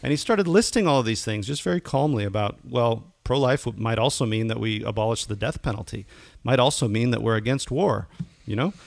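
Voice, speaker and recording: A man's voice: medium pitch, lively intonation, brisk, vocal fry, dry recording. A man co-hosting a podcast, a pastor chatting casually, rambling with many restarts.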